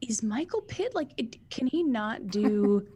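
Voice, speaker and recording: A woman co-hosting a podcast, chatting casually in quick bursts with giggles and restarts. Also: a little high, very animated, mellow, husky. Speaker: podcast co-host. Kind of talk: casual chat.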